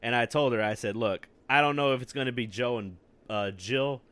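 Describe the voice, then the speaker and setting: A man's voice: mid-range voice, fairly quick, clean tone. A man co-hosting a podcast, chatting casually with lots of swearing and laughter. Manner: profane, laughing, animated storytelling. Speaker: podcast co-host. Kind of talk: casual chat.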